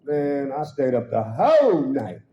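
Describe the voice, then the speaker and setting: A dark-voiced man, a guest speaker at a worship service, tells a funny testimony story at an unhurried pace. He's animated, leaping into sudden high pitches for quoted voices and laughing through his own punchlines, all captured in a church hall's roomy, somewhat dull acoustics.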